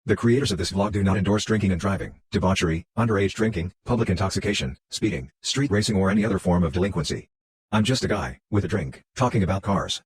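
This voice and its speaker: Deep, husky male disclaimer announcer at top speed, deadpan, put on by the host. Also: fast, full character voice, rough recording. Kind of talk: mock-serious spoken disclaimer.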